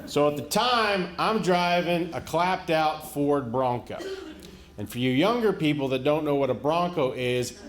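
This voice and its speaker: Slow-talking comic on a live stage. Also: male voice, a little high. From rural Florida. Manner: folksy, unhurried storytelling with laughing punchlines. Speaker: stand-up comedian. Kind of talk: stand-up comedy storytelling. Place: comedy stage before a live audience. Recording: live show with audience noise.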